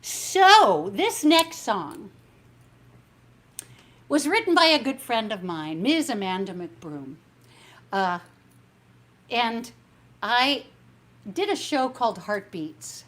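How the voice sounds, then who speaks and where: Singer-host, female, high voice, unhurried chatty patter over piano. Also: sing-song, fairly bright tone. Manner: chatty and meandering, thanks viewers by name. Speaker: singer hosting her own online concert. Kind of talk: casual chat between songs. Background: piano music.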